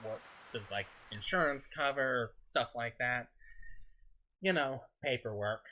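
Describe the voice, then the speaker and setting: This soft-spoken streamer talks a little slowly in a medium-pitched voice with a bright, crisp edge. He wanders between tangents while gaming, often chuckling between his sentences in a casual chat.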